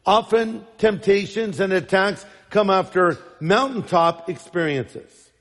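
A man's voice: sits high, slow, fairly bright tone. A man preaching a sermon as pastor, emphatic and fond of rhetorical questions. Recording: long reverb in large hall.

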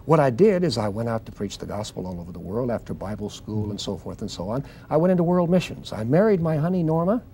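An older man telling his testimony as a guest in a TV interview, fervent and swinging between loud and soft like a preacher. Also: mid-range voice, very animated, fast, hardly any pauses, slight background noise.

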